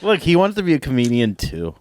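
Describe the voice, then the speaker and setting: A man's voice: mid-range voice, huge pitch swings, fairly quick, very noisy. A man co-hosting a podcast, teasing and laughing often in casual chat. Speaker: podcast co-host.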